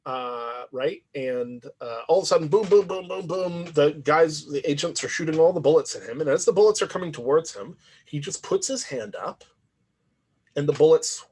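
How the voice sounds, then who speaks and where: A man's voice: on the high side, lively intonation, fairly quick, a little mellow, slightly rough. A man lecturing in a conversational, reflective way, often checking in with "right?". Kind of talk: university lecture.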